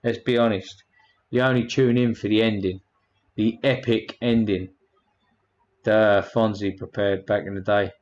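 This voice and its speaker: A man's voice: lowish voice, fairly even intonation, normal speed, darkish tone, highs cut off. A man hosting a casual livestream, rambling and a bit crude as he thanks his chat one by one. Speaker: livestream host.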